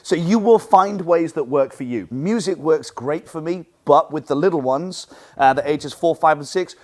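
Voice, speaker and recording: A man teaching a coaching seminar for martial arts instructors, lively and animated, acting out what he says to students. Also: fairly high pitch, normal speed. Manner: lively, animated, acts out quotes.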